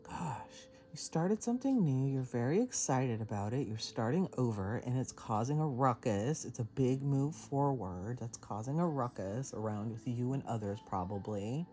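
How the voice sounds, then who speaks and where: A woman giving a casual tarot reading to camera, chatty and excitable, laughing often and swearing casually. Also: extremely low pitch, normal speed, few pauses. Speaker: tarot reader.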